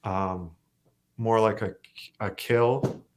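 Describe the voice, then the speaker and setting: A young man from Canada, a singer-songwriter chatting as a guest, relaxed and hesitant with lots of fillers. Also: lowish voice, drawn-out words, slight background noise. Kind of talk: casual interview chat.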